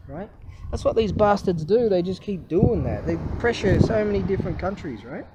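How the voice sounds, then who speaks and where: A man's voice: high voice, animated, moderate pace, very noisy. Profane rambling man ranting. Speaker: vlogger. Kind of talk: casual political rant.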